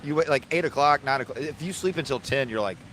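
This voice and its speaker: Male host, casual rambling talk, mid pitch, faint noise behind. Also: quick pace, a bit bright. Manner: rambling, tells jokes with put-on voices. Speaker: podcast host asking questions. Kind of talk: casual chat.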